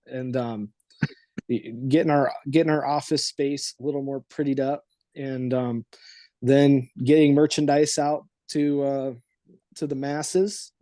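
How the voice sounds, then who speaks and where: Halting young man with a mellow voice. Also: mid-range voice, dry recording. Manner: halting, full of ums and restarts. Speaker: guest, team co-owner. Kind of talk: interview answers.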